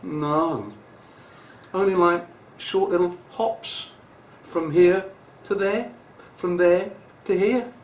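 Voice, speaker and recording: A man voicing a proud, vain peacock in a children's puppet story, speaking showily and slowly. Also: sits high, reverberant, pitched above the performer's own voice. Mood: wistful. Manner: showy, preening storybook voice. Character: vain, proud peacock who cannot fly.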